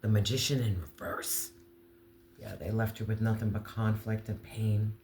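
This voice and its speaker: A man giving an earnest, emotional tarot reading, slowing down to stress key words. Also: on the low side, fairly even intonation, a little mellow, reverberant, slight background noise. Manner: earnest, emotional, slow deliberate emphasis. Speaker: tarot reader.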